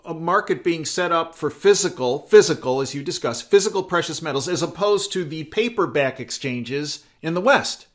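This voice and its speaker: A man hosting an interview, his voice a bit higher than most men's. He puts questions to his guest and keeps him going with quick murmurs of agreement. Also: animated. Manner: frequent brief affirmations while listening. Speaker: interview host. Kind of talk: conversational interview.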